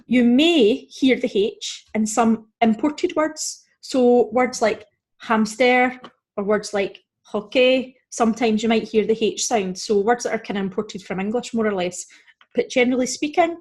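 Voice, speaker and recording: A woman's voice: on the high side, a little mellow. Woman teaching beginner Spanish pronunciation. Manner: explains step by step, checking in with "okay?" and "right?"; models Spanish words slowly and clearly. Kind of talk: recorded beginner language lesson.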